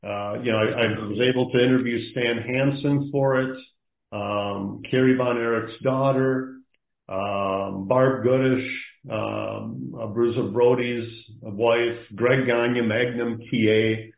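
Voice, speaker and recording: Guy telling stories real slow on a phone call, halting, echoey line. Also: medium pitch, fairly even intonation, gravelly. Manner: rambling, halting, many fillers. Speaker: podcast guest. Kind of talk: casual phone interview.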